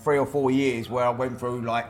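A man's voice: medium pitch, little pitch movement, moderate pace. Rambling man telling stories. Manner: rambling, repeats words, plain spoken. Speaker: podcast guest, former boxer. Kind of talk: casual storytelling.

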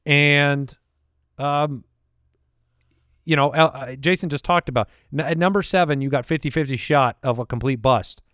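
A man hosting a fantasy football podcast, rattling off statistics in a measured, confident way during casual sports analysis. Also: fairly high pitch, fairly bright tone, clean tone, dry recording, studio quality.

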